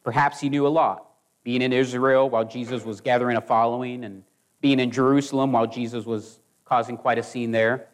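A man preaching a sermon in a measured, earnest way, now and then restarting a phrase. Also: medium pitch, steady tone.

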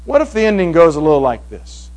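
A man preaching a sermon to a congregation, swinging from hushed passages to loud, emphatic ones. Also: fairly high pitch, very animated, fast talker, poor audio. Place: evening meeting before a congregation.

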